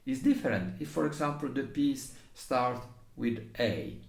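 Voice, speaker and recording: A man's voice: medium pitch, animated, unhurried. A man with an Italian accent and non-native English teaching how to phrase a recorder piece, hesitating at times and singing passages on syllables. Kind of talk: music lesson explanation. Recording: echoey room.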